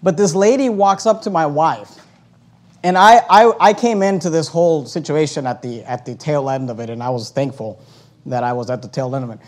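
Pastor, middle-aged man, high-pitched and animated, preaching with big swings from loud to hushed. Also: brisk. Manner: animated storytelling, acting out quoted voices, swings between loud and hushed. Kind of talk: sermon.

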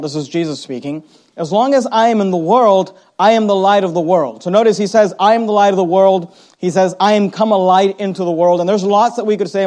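A man preaching a sermon as pastor, reading scripture aloud and slowing down to stress key words. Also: high voice, darkish tone. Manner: reads scripture aloud, slows down for emphasis.

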